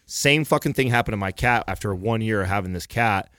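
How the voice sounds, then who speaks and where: A man's voice: fairly low pitch, a little fast, fairly bright tone, no echo, studio quality. A man telling a long story in casual chat, rambling and swearing freely as he goes.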